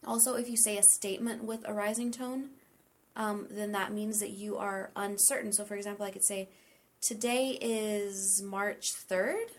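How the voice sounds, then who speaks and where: A woman teaching English pronunciation in a relaxed chat, explaining with lots of examples. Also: medium pitch, brisk. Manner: explains with many examples and light laughter.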